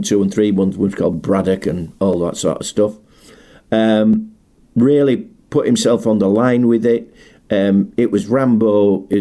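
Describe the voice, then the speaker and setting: A man's voice: on the low side, dark tone. A middle-aged man presenting a film tribute in a chatty, enthusiastic, rambling monologue. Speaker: martial arts film specialist presenting a tribute. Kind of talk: casual spoken monologue.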